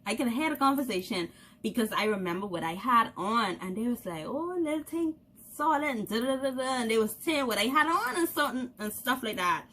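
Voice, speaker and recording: A young woman with a Bahamian accent chats to her camera, spinning a casual story. Her voice sits a little high and rings bright, and she keeps it lively, laughing as she goes and slipping into the voices of the people in her tale. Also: a little fast. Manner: animated, laughing often, acts out quoted voices. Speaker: vlogger.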